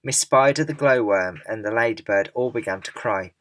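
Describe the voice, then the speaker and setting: A man narrating a children's novel aloud in a lively storytelling way. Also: fairly low pitch, moderate pace, dry recording. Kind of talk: audiobook reading of a children's novel.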